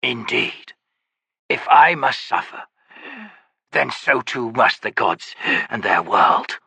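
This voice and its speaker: A man voicing a broken, chained male creature in an audiobook, with a rasping, wheezing voice and a slow, menacing way of talking. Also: medium pitch, expressive, sharp tone, no echo, heavily acted. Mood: bitter.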